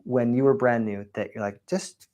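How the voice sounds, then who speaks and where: A man's voice: medium pitch, fairly even intonation, normal speed, darkish tone. A man hosting a podcast, thanking and affirming his guest in an appreciative way. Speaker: podcast host. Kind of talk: interviewer wrap-up.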